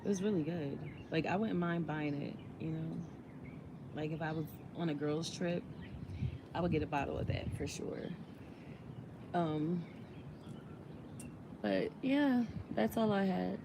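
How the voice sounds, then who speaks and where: Woman, casual vlog chat, laid-back, low-pitched, noisy background. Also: a little slow, long pauses. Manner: chatty, laid-back, laughs often. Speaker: vlogger. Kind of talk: casual chat while eating.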